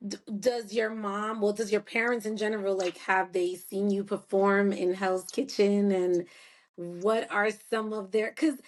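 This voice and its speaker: A woman's voice: mid-range voice, fairly even intonation, a little slow. A woman hosting a casual interview, asking long, rambling questions full of fillers. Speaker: podcast host.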